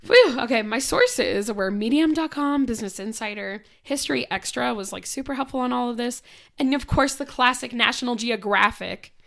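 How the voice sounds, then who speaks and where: A young woman co-hosting a casual podcast, hoarse from a cold and laughing often as she talks. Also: fairly high pitch, normal speed, a bit bright. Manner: giggly, laughs often between lines. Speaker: podcast co-host.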